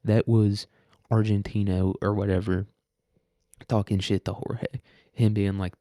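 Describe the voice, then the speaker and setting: Young man, low mellow voice, reads aloud, profane asides. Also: flat delivery, unhurried, long pauses, no echo, studio quality. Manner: irreverent, profane, laughs often. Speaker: podcast host reading a story. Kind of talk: reading aloud with casual commentary.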